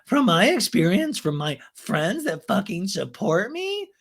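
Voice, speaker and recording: A man voicing a young woman who tries to sound powerful, with a drawn-out affected delivery. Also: high-pitched, wildly swooping pitch, a bit bright, voice pushed up, exaggerated voice. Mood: defiant.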